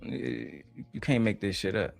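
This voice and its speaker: A man's voice: lowish voice, lively intonation, measured pace, creaky, faint music behind. A man hosting a reaction video, giving mocking, slangy commentary on a debate clip.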